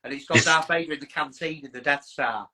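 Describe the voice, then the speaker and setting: A man's voice: on the high side, fairly quick, bright, forceful tone, rough recording. A man co-hosting a podcast, chatting enthusiastically with trailing restarts. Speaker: podcast co-host. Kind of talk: casual chat.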